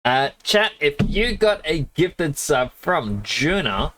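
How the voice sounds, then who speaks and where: A man streaming a game, sniffling a little and telling rambling stories with quick laughs into a desk mic. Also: a little high, very animated, a bit bright. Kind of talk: casual chat while gaming.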